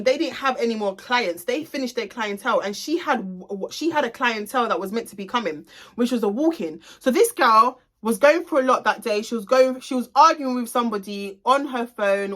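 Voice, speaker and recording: A young adult woman who owns a salon tells a storytime to her viewers in a casual vlog, her voice fairly high and fairly bright. She's blunt and gossipy, swears freely, and speaks straight to her audience.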